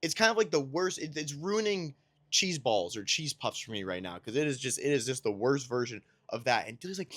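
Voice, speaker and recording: Rambling, self-mocking young dad chatting. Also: male voice, mid-range voice, sing-song, fairly quick, a bit bright, no echo. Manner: rambling, self-deprecating storytelling. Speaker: podcast host and new father. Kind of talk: casual chat.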